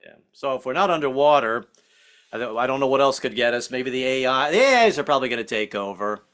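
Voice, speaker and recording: Casting: lively male stand-up comic, bright and animated, quick to act out voices. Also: medium pitch. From Southern United States family. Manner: animated, acts out voices, self-deprecating. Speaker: stand-up comedian. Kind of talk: stand-up comedy set. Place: online virtual comedy show.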